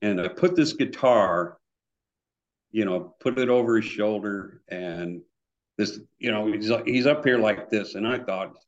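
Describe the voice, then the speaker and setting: Low-voiced man, dull lo-fi audio. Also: slow. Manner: animated anecdotes with acted-out quotes. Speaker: guitar builder guest. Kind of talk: casual storytelling.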